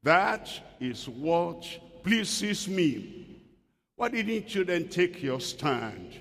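A man's voice: fairly high pitch, sing-song, extremely slow, fairly bright tone. A man preaching a sermon emphatically, asking rhetorical questions and acting out quoted voices. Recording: long hall reverb.

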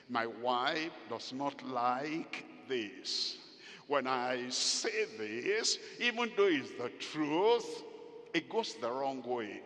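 A man preaching a sermon with emphatic, drawn-out phrasing and sudden loud rises. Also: high-pitched, big-room sound.

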